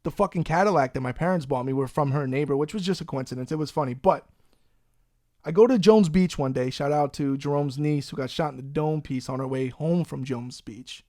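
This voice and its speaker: A man, hosting a podcast and telling a profane, animated story in a casual way. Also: fairly high pitch, brisk, no echo, studio quality. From Long Island, New York. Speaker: podcast host.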